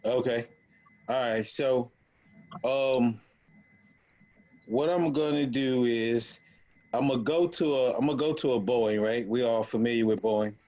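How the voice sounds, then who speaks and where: A man runs an online options trading group, teaching casually over a screen share. He speaks haltingly with many restarts and fillers, in a medium-pitched, fairly even, dark voice captured with dull audio.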